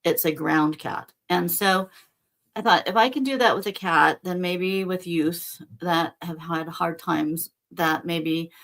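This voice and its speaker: A woman's voice: on the low side, slow pace, a bit bright. A middle-aged woman hosting a casual spiritual talk, speaking earnestly and conversationally and addressing her listeners directly. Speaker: spiritual teacher and host.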